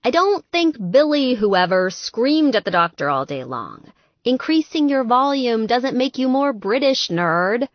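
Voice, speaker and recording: A woman narrator voicing a bossy, exasperated woman friend who talks briskly and scolds in a raised voice. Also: on the high side, very animated, no room sound, dull audio, voice pushed up.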